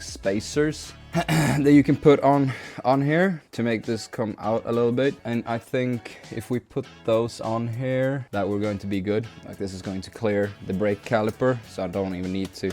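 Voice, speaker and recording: Working on his car, a man from Sweden whose first language is Swedish keeps up casual self-talk full of muttering, cursing and effortful grunts. He's a car-project vlogger with a medium-pitched, slightly mellow voice.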